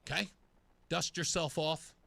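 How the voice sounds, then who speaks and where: A man's voice: fairly high pitch, fairly even intonation, unhurried, gravelly, sharp tone. A male talk radio host delivering a taunting, sarcastic monologue.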